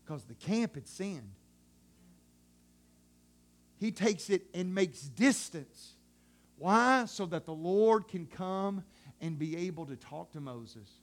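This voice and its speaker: A man preaching a sermon in a very high, bright-sounding voice. He talks in a loose, colloquial way and acts out what God says. His delivery swings from loud outbursts to soft, hushed passages. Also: slow, pauses often. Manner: dramatic and animated, swinging from shouts to hushed tones.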